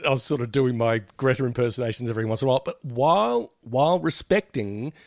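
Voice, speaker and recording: A man's voice: mid-range voice, fast, vocal fry, no room sound, clean studio sound. A man co-hosting a podcast, chatting casually, rambling with many fillers and frequent laughter. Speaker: podcast co-host. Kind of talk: casual chat.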